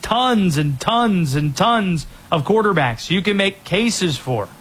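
A man hosting a sports talk show, giving energetic, opinionated rundowns of players and teams. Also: high voice, slow, breathy edge.

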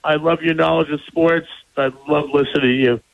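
A man's voice: a little high, fairly even intonation, brisk, vocal fry. A man in his fifties calling in to a sports radio show, friendly and gushing. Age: 50s. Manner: friendly, gushing, stammers at the start. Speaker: caller. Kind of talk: casual call-in chat. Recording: dull phone-line sound.

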